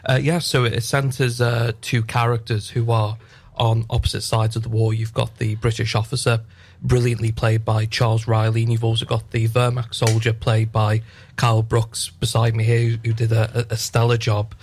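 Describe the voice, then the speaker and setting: A man, an actor guest on a radio interview, explaining in a measured way. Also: medium pitch, completely flat delivery.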